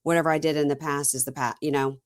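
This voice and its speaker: A low-pitched woman talks over a reality episode in easy, chatty podcast talk, acting out both sides of each scene as she tells it. The sound is dry and close, with almost no room around her. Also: level tone, quick pace, no echo. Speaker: podcast host. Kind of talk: casual chat recapping a reality show.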